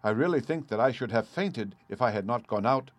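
A man's voice: medium pitch, animated, brisk, no echo, lightly acted. A man voicing a nervous young wife with a faltering, breathless manner, in a dry close recording. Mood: flustered.

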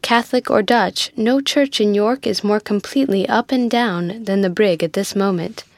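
An eager, earnest young ship's mate, voiced by a woman reading a novel. He speaks quickly and reassuringly, and the recording is dry and close. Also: mid-range voice, no room sound, close to an everyday voice.

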